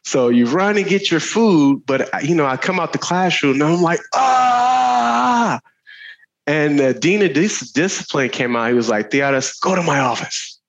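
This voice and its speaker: A man talking candidly about his life as a guest, animated, laughing often, with lots of fillers and restarts. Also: a little high, moderate pace, hardly any pauses, rough recording. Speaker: guest speaker. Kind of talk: candid conversational storytelling.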